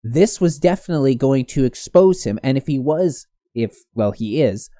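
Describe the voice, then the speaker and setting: A man's voice: mid-range voice, lively intonation, normal speed, warm tone, no room sound, studio quality. A man giving casual commentary on a news story, rambling with many restarts. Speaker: commentary host.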